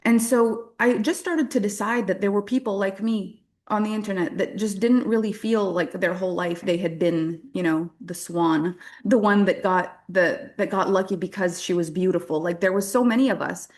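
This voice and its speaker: A woman's voice: mid-range voice, normal speed, hardly any pauses, a little mellow. A woman from French-speaking Canada giving a motivational workshop talk as a business coach, candid and self-deprecating, laughing often.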